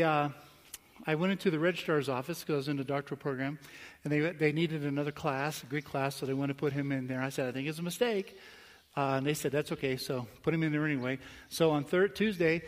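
A male pastor telling a story in a conversational sermon, with quick asides and slow, emphatic phrases. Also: fairly high pitch. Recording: long hall reverb.

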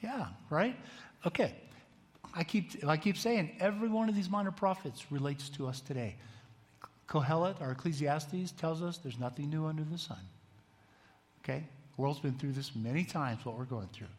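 A man's voice: on the high side, moderate pace. A man giving a conversational bible teaching, often asking the room questions and raising his voice when he reads scripture aloud. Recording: long hall reverb.

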